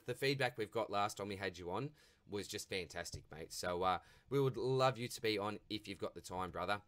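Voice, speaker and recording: This fantasy football channel host, an Australian man with a fairly low, fairly bright voice, runs a casual viewer Q&A. He answers questions in a chatty, matey manner and often says "mate."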